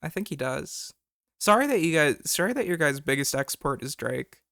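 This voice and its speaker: Gravelly joking streamer man. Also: a little high, big pitch swings, normal speed, a bit bright, no room sound, clean studio sound. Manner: crude, joking, laughs often. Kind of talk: live stream reaction commentary.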